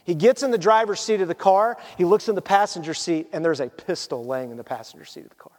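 Man preaching, high voice, casual storytelling sermon, long hall reverb. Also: quick pace. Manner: conversational and storytelling, drops to hushed tones for emotional moments. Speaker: pastor.

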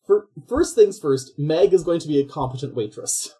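A podcast host retelling a film plot in a loose, rambling way, stopping often to act out the characters. The voice is mellow and dark, and the pitch sits in the middle range. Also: moderate pace. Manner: rambling, animated storytelling with voices. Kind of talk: casual comedic film recap.

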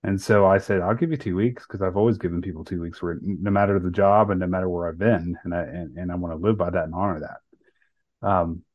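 A man with a very low voice tells a personal story on a podcast, earnest and full of ums and restarts. The sound is dry and somewhat dull, with no room echo. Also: fairly even intonation, a little fast. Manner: earnest, many fillers and restarts. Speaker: podcast co-host.

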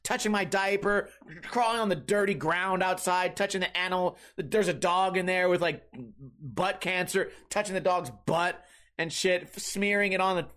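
A middle-aged man hosting a podcast, telling rambling, profane, animated stories in a casual comedic monologue. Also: high voice, moderate pace. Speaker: podcast host.

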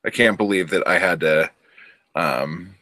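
In a casual podcast chat, a male co-host recaps a film in a rambling, profane way, acting out characters when he quotes them. He has a low voice with a sharp tone and a measured pace, and there's no echo.

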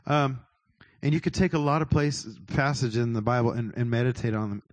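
A man giving a relaxed church talk on prayer at a middle pitch. He talks in a chatty way, laughs a lot and often stops to restart his sentences. The sound is dry and close. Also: a little fast, no room sound. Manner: chatty, laughing, self-interrupting. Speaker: worship leader. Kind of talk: casual church teaching on prayer. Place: church worship service.

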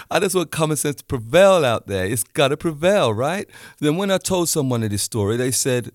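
A man's voice: a little high, a little fast, hardly any pauses, dry recording, clean studio sound. Man ranting, telling a story. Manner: animated storytelling, acts out both sides of dialogue. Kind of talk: ranting monologue.

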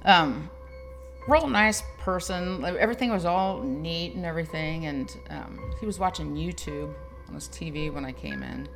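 A chatty woman co-host tells a story in a relaxed podcast conversation. Her voice sits a little low, and she laughs often as she talks. Music plays clearly behind her. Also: normal speed. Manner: chatty, animated, laughs while telling. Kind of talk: casual storytelling chat.

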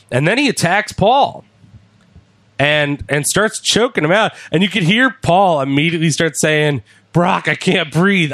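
A man chatting casually, retelling events with lively acted-out quotes as a podcast host. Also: a little high, no room sound. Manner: animated storyteller, acts out quotes. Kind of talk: casual chat recapping wrestling.

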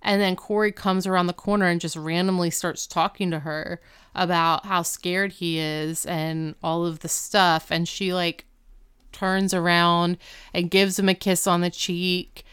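A woman chats casually as she recaps a story, her voice smooth and resonant and recorded close and dry. She tells it with animation, jumping up in pitch whenever she acts out what the characters say. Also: little pitch movement, measured pace, a bit bright, no echo. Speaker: podcast co-host recapping an episode. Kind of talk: casual chat.

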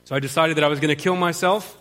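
A man's voice: a little high, steady tone, racing, fairly bright tone. A man pastor delivering a sermon as an earnest, confessional personal testimony, often restarting his sentences.

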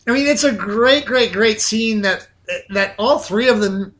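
Lively high-voiced man chatting about films. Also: unhurried. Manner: animated, repeats words, many restarts. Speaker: podcast co-host. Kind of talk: casual film discussion.

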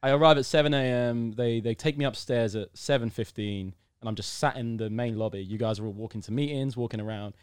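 A man's voice: medium pitch, a little fast, few pauses, smooth, dry recording, clean studio sound. A young man from the United Kingdom, telling a long story in a casual interview and acting out the people in it. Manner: animated storyteller, acts out quotes, bursts into loud excitement. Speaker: podcast guest.

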